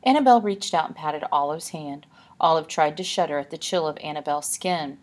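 A woman narrating an audiobook in a calm, even storytelling manner. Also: low-pitched, brisk.

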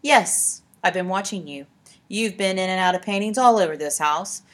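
A woman reading aloud and voicing a cold, sly ghost of a young woman who speaks softly and menacingly, with a husky voice. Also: moderate pace, natural voice. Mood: coolly menacing. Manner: cool, then soft and low.

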